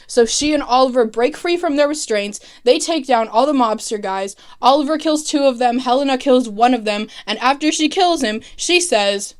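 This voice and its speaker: Young woman, higher voice, casual excitable recap vlogger, swears a lot. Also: clean tone. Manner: excitable, swears, laughs often. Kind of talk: casual plot recap with comic voiced quotes.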